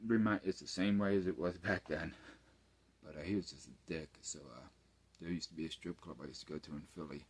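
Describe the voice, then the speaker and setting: A man's voice: low voice, brisk, breathy edge. A man, ranting late at night at home in a rambling, profane, mumbling way. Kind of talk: late-night personal rant.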